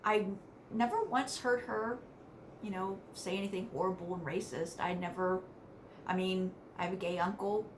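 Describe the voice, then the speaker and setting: A woman's voice: mid-range voice, moderate pace, slight background noise. Chatty woman telling family stories. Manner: chatty, laughs between sentences, animated asides. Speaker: vlogger. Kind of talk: casual storytelling to camera.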